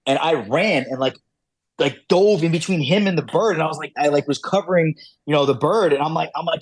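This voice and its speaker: A man's voice: a little high, fairly quick, no room sound. A man guest on a podcast, telling hunting stories casually, with many fillers and restarts. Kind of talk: casual storytelling.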